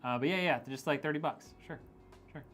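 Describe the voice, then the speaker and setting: A man's voice: on the high side, fairly quick, a bit bright, faint music behind. A man with a somewhat raised voice chats loosely with his live-stream audience while building a PC. He jokes and teases his regulars and often breaks into laughter. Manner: joking, teasing, laughs often. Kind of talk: casual live-stream chat reading viewer messages.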